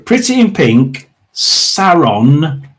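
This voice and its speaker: A man hosting a casual livestream tarot reading, talking to viewers in a rambling, chatty way with lots of fillers and throat clearing. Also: fairly high pitch, very animated, extremely slow. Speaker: tarot reader and livestream host.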